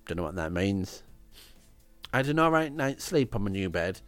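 A man reading a comic diary aloud in a deadpan way, with crude asides. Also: lowish voice, normal speed, soft background music.

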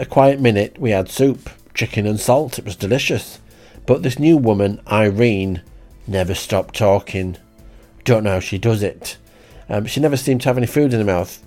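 A man telling a comic diary story in a deadpan, rambling way. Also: on the low side. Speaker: comic diarist.

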